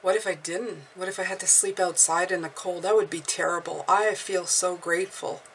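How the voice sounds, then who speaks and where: A woman with a slightly low voice gives a casual, encouraging spiritual pep talk as a tarot reader. She repeats her points and takes audible deep breaths. She sits a little back from the mic, with faint noise behind her. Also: fairly even intonation, moderate pace, distant mic, rough recording. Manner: encouraging, repeats herself, breathes deeply aloud.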